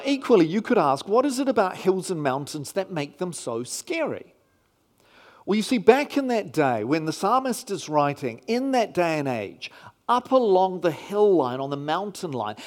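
A male pastor delivering a sermon in a very high voice. His pitch rises and falls with lively animation as he drives each point home with rhetorical questions. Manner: emphatic, rhetorical questions to the congregation.

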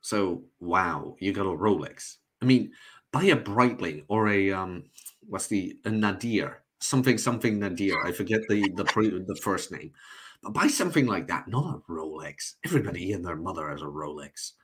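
A man co-hosting a casual chat, telling animated stories and acting out other people's words, with loose, filler-heavy speech. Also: sits low, moderate pace, slightly rough. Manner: animated storytelling with quoted voices. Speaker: co-host reading viewer messages.

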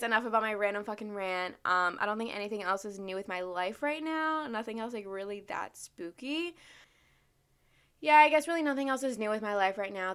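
Young woman, bright edge to the voice, loose self-mocking vlog rant full of "like". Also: mid-range voice, clean tone. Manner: candid, swears freely, self-mocking, lots of "like". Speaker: vlogger. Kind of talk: casual rambling monologue.

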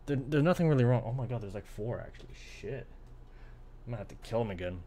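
A man in an easygoing, unscripted monologue, his voice sitting at an ordinary middle pitch. He rambles from thought to thought, swears constantly and gets worked up as he goes. He records alone in his apartment. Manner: excitable, profane, loose and rambling. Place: apartment room by a window.

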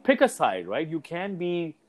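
A man's voice: on the high side, wildly swooping pitch, measured pace. A man co-hosting a podcast, telling stories in casual chat and imitating the people in them. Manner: storytelling, mimics the people in his stories.

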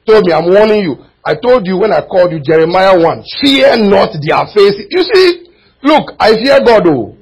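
A male preacher delivering a sermon in church, his voice sitting high and a little husky. He swings between impassioned, almost shouted lines and quiet, low asides to the congregation. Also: sing-song, normal speed, poor audio. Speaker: pastor.

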